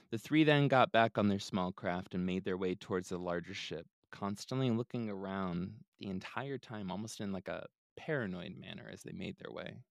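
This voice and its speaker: Low-voiced guy retelling a tale on a podcast, laid-back, super dry sound. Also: brisk, gravelly, few pauses, no room sound. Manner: laid-back, adds joking asides. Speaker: podcast host. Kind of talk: casual storytelling narration.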